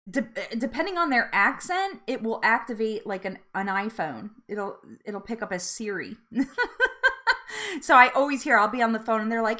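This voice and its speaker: A woman's voice: on the high side, animated, moderate pace, fairly bright tone. A woman hosting a live weight loss support chat, chatting casually, laughing often and reading out viewer comments.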